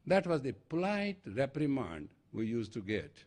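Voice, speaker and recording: A man's voice: medium pitch, big pitch swings, normal speed. Older Indian-accented man giving a sermon. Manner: storytelling with acted dialogue, emphatic. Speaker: spiritual teacher. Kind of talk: lecture sermon.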